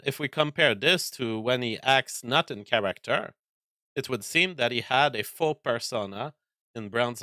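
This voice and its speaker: A man hosting a commentary show, speaking deliberately with frequent hesitations and fillers. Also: mid-range voice, sharp tone, dry recording. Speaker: host.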